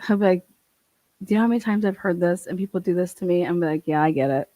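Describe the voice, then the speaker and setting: A woman's voice: on the low side, fast, dark tone, no echo. A young woman telling a heated, profane storytime rant, full of swearing and laughs. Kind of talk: ranting storytime.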